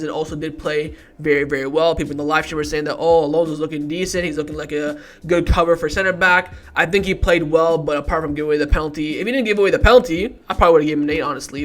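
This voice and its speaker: Fired-up male football vlogger, higher voice. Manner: heated, ranting, swears often; shifts from calm rating talk to loud outbursts. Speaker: football fan channel host. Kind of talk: match review vlog.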